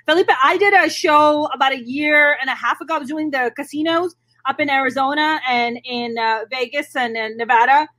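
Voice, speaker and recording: A woman's voice: high voice, fairly quick, bright, forceful tone. A woman comic hosting a casual interview, blunt and laughing easily, with frequent swearing. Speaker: host and stand-up comic.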